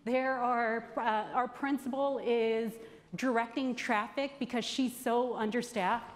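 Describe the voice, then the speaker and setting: Conference host, woman in her thirties, higher voice, storytelling with pauses, reverberant hall. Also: fairly even intonation. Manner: storytelling, warm anecdotal delivery with pauses. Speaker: conference host introducing candidates. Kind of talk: speech to a conference audience.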